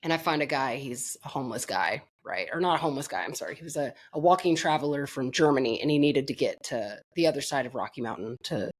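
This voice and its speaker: Low-voiced, blunt, swearing woman. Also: animated, quick pace, few pauses, slightly rough. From Florida. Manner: blunt, profane, self-mocking. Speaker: podcast guest. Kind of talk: candid storytelling.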